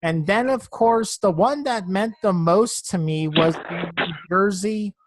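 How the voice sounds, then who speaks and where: A man hosting a podcast in relaxed, chatty conversation. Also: high voice, a little slow, dry recording. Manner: relaxed, chatty, laughs easily. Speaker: podcast host. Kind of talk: casual chat.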